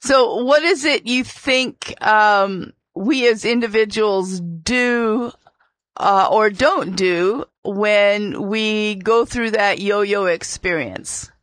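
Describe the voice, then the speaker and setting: A woman's voice: medium pitch, fairly bright tone, no room sound. A woman hosting an interview, asking thoughtful questions. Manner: slow, thoughtful questions with fillers. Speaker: interview host. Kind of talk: conversational interview.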